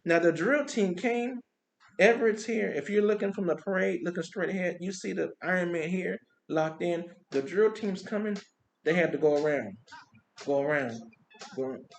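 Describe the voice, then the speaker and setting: A man who works as a street performer, telling animated stories from a parade in a casual monologue, with vocal sound effects. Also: high voice, normal speed, vocal fry. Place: Compton.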